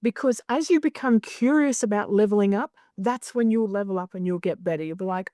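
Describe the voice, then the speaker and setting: A woman guest talking candidly in an interview, blunt and animated, swearing freely as she tells stories. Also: medium pitch, a little fast, few pauses, no room sound, clean studio sound. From Australia. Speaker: guest, clinical hypnosis director.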